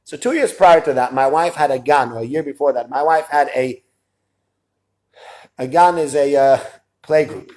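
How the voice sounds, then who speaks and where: A man telling a long personal story in a casual, animated way, dropping his voice low when he quotes other people. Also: moderate pace, long pauses. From lives in Israel.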